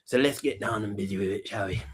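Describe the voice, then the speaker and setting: A man's voice: lowish voice, quick pace, breathy edge. A man hosting a comedic talk show sketch, brash and full of slang, rambling and repeating himself.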